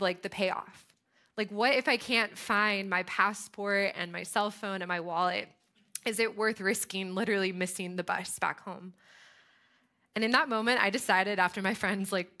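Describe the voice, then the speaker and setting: Young American woman preaching through personal story, animated and conversational, with a bright tone. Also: medium pitch. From United States. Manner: animated, chatty storytelling with frequent fillers. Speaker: speaker. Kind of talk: storytelling sermon.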